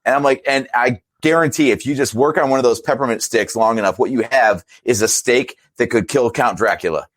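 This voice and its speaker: A man on a podcast chatting about a film in a lively, jokey way. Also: medium pitch, a little fast, hardly any pauses, no room sound. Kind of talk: casual film review chat.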